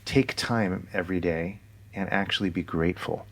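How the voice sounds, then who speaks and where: Man, low voice, podcast co-host, reflective, explaining calmly. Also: normal speed, creaky. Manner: reflective, explaining ideas in a calm way. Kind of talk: casual podcast conversation.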